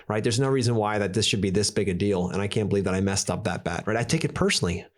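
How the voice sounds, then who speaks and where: A man's voice: lowish voice, racing, hardly any pauses. A man hosting a podcast in casual conversation, enthusiastic, swearing casually and often saying "dude". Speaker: podcast host.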